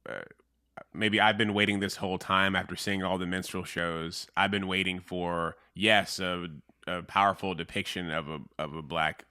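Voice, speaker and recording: A man's voice: sits low, fairly even intonation, normal speed, bright, forceful tone, smooth, dry recording, clean studio sound. A man co-hosting a podcast, talking things through in a thoughtful, hesitant way. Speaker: podcast co-host. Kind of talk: casual chat.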